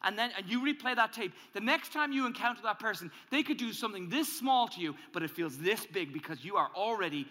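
A male pastor preaching a sermon, animated and emphatic, acting out angry inner voices as he builds. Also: brisk, hardly any pauses. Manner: animated, acts out angry inner voices, rises in pitch and volume when emphatic. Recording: hall reverb.

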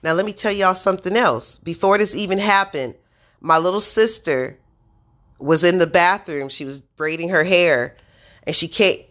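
A woman's voice: fairly low pitch, normal speed, a bit bright. A woman in her thirties telling a personal story to viewers, intense and earnest, swearing freely and speaking straight to her audience. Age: 30s. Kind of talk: casual spoken storytelling.

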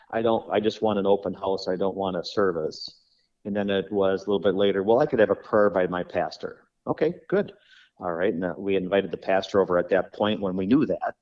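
Low-voiced funeral director telling stories. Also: male voice, darkish tone, dull audio. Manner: rambling storyteller, acts out quoted dialogue. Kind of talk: podcast conversation.

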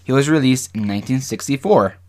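A man co-hosting a true-crime podcast in easy, casual chat. He reads the case details aloud and keeps breaking off for quick jokes and asides to his co-host. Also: medium pitch.

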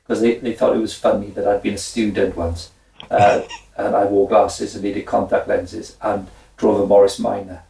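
Brief: man in his 60s, gravelly low voice, animated storyteller, echoey room with the mic at a distance. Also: normal speed. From Wales. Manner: animated, laughing, acts out his own side of dialogue. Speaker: guest, former footballer and minister. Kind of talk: conversational storytelling.

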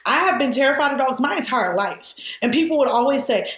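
A woman who grew up in the American South, talking candidly in a conversation, earnest and animated, with many restarts. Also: high-pitched, a little fast, hardly any pauses, reverberant.

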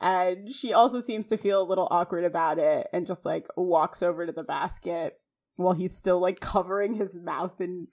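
A woman co-host talks through a TV scene in a casual, chatty way. She keeps the recap flowing with fillers and lively asides. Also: fairly low pitch, normal speed. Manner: chatty, animated retelling with frequent fillers and laughs. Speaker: podcast co-host.

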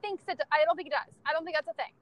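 A woman's voice: high voice, racing, no echo, highs cut off. A young woman telling candid, profane stories about her family in casual chat, laughing often.

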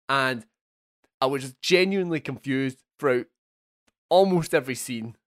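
A young man co-hosting a casual film podcast, animated and swearing freely. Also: medium pitch, unhurried, pauses often, dry recording, clean studio sound. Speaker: podcast co-host.

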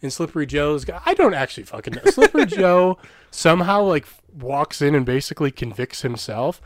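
A man's voice: a little high, big pitch swings, fairly quick, dry recording, studio quality. Rambling, laughing young man. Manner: rambling, laughing, swears often. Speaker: podcast co-host. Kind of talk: casual chat.

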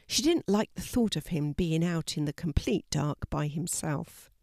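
An older woman narrating a children's story in a slow, gentle storybook manner. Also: low-pitched, expressive, no echo, studio quality.

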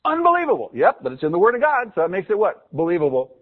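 Male pastor preaching, higher-pitched voice, call-and-response questions, heard over a thin phone-like recording. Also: very animated, fast. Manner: asks the congregation questions and repeats key words for emphasis. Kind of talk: sermon. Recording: phone-like narrow sound.

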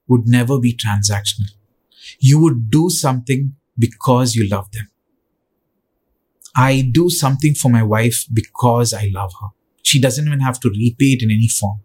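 A man preaching a sermon as pastor, earnest and repetitive, with pauses between phrases. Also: mid-range voice, darkish tone, breathy edge.

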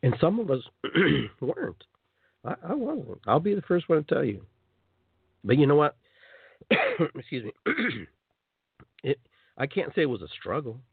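Male radio host, animated spiritual monologue; phone-line quality, dry and close. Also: on the high side, a little slow, vocal fry, pauses often, breathy edge, no echo. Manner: animated, acts out quoted voices.

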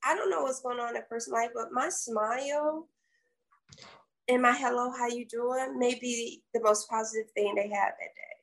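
A woman's voice: fairly high pitch, moderate pace, rough recording. A middle-aged woman from the American South with a Southern accent, co-hosting a podcast and reflecting in casual conversation. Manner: reflective, warm-hearted storytelling with folksy phrases. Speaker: podcast co-host.

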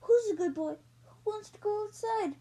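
A commanding male god , as a woman puts him on while reading aloud, snaps short orders to hurry his crew along. The voice sits very high, with little rise and fall. The tone is soft and dark, in the manner of a bedtime storybook. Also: steady tone, a little slow, vocal fry, heavily acted. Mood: coaxing. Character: commanding male god captain, bossy and urgent.

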